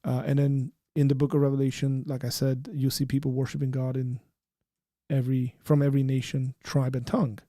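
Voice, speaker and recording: A man hosting a casual podcast, animated and quick to laugh, then turning earnest. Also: medium pitch, no echo, clean studio sound. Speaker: podcast host. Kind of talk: casual chat.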